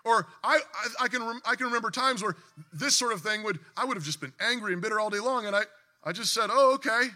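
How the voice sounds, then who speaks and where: Delivering a sermon fast, this man has a high voice for a man and a strikingly bright, ringing tone. His earnest preaching swells into emphatic bursts, with frequent mid-sentence restarts.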